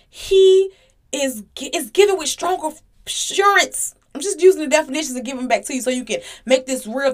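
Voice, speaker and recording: A woman hosting a Christian podcast, teaching, repeating phrases for emphasis and acting out little dialogues. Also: high voice. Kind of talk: casual preaching monologue.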